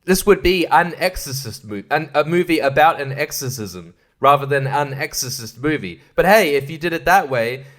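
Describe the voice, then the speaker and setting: A man's voice: fairly high pitch, animated, moderate pace, hardly any pauses, a bit bright. A young man hosting a podcast, rambling through a film review with sarcasm and frequent laughs. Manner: rambling, sarcastic, laughs often, does mocking voices. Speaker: podcast host reviewing films. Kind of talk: casual film review monologue.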